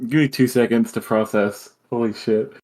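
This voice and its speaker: A man with a mid-range voice reacts in an animated way at a game table. He thinks aloud and swears freely in casual chat. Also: mid-range voice, normal speed. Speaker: player.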